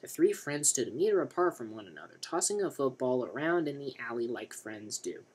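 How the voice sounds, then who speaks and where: A man's voice: medium pitch, fairly quick, few pauses, darkish tone, slightly rough. A man reading a novel aloud for comic effect, with dry, wry asides. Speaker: reader.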